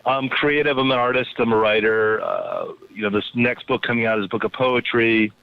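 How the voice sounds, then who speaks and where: A man's voice: medium pitch, fairly even intonation, a little fast, smooth. A man, an anthropologist and poet, talking casually as an interview guest, rambling with many fillers and restarts. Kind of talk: casual interview over a phone line. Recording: tinny phone line.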